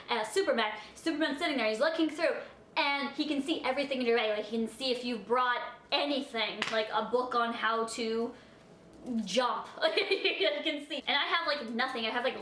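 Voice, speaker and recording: A high-pitched young-sounding woman rambles through a storytime vlog, chatty and animated, packing in filler words. Her voice rings in an echoey room. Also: moderate pace, slight background noise. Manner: animated, acts out her own reactions. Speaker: vlogger.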